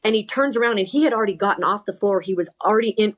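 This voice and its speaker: A middle-aged woman, a sideline reporter, telling stories in a podcast interview, animated and full of restarts. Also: mid-range voice, very fast, hardly any pauses. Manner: animated, self-correcting, lots of repeated starts. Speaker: sideline reporter and talent coach.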